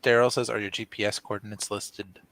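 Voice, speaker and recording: A man's voice: lowish voice, little pitch movement, a little fast, a bit bright, no room sound. A man co-hosting a casual late-night stream, giggling and reading chat comments aloud. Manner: giggly, apologetic asides, reads chat aloud. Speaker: co-host on a livestream.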